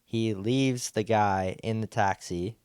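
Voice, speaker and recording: A man's voice: on the low side, steady tone, slow pace, a little mellow, smooth, no echo, studio quality. A man co-hosting a podcast, chatting casually in an easygoing, rambling way with lots of "like"s. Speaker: podcast co-host. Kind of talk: casual chat.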